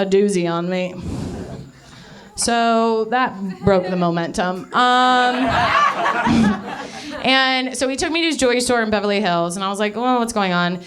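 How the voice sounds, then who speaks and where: A woman's voice: medium pitch, fairly bright tone. A young woman doing live stand-up, telling a rambling, self-mocking story full of swearing and laughter, a little out of breath. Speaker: stand-up comedian. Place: live comedy venue.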